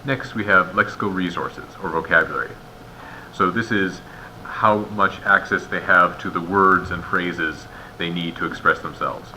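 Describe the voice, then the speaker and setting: A man's voice: sits low, normal speed, pushed and bright, slight background noise, rough recording. A man giving a methodical step-by-step walkthrough as an instructor, explaining each point and posing rhetorical questions. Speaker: instructor guiding raters.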